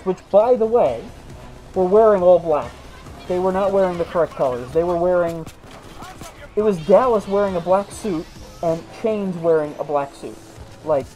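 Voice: medium pitch, a little mellow, rough recording. A video game host chatting casually while playing, rambling through stories with many restarts. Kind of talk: casual let's-play commentary.

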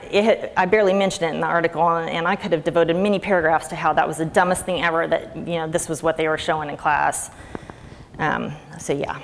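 A woman's voice: low-pitched, vocal fry. A middle-aged woman giving a chatty, sarcastic conference talk in a lecture hall. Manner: chatty, sarcastic, laughs often. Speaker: conference speaker. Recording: reverberant hall with faint ambient noise.

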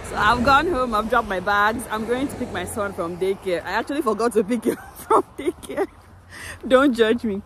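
A woman's voice: fairly high pitch, a little hiss or hum. Chatty woman vlogging outdoors. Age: 30s. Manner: chatty, laughs often, excitable. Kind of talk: casual vlog chat. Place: outdoors in winter, streets and snow.

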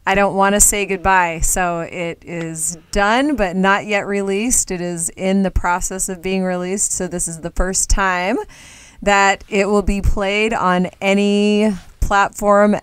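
Smooth-voiced female musician guest. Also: medium pitch, steady tone, measured pace, no echo. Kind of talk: casual chat.

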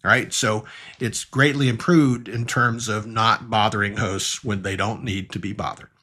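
A man's voice: fairly low pitch, fairly even intonation, normal speed, sharp tone, husky. A man teaching a recorded networking lesson, walking through diagrams step by step in an explanatory way. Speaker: networking instructor.

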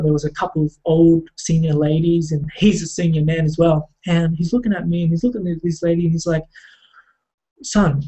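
A man telling a personal story in a halting, reflective way, with many fillers and restarts. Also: fairly high pitch, creaky, warm tone, dull audio.

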